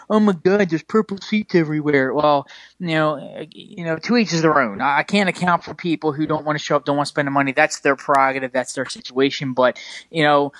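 Fired up guy ranting on a sports podcast, kinda high voice, dry close mic. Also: a bit bright, no room sound. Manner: passionate, fired up, rambling with many fillers. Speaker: podcast co-host. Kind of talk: casual sports podcast rant.

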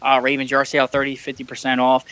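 Man, rambling podcast storyteller, lots of fillers, tense bright tone, dry close mic. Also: medium pitch, monotone, fast, smooth, no room sound, muffled recording. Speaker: podcast co-host. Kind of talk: casual chat. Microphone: remote call mic.

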